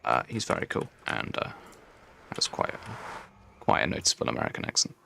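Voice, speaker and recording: A man's voice: brisk, noisy background. A young man from the English Midlands with a Midlands accent, chatting casually on a game livestream and answering chat while he builds. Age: young adult. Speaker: streamer.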